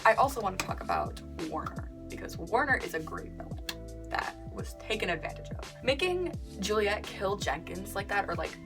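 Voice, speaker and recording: A young woman talks through a book review in a casual, chatty way. She is sarcastic and animated, and she slips into a mocking whisper when she quotes the text. Music plays clearly behind her voice. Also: medium pitch, moderate pace.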